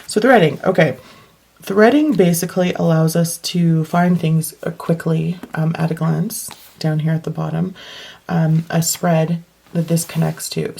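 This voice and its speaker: A young woman talks through her journal in a low, gravelly morning voice with a husky edge. She rambles, corrects herself and laughs easily in a casual tutorial style. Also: warm tone. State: deep morning voice. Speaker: bullet journal vlogger.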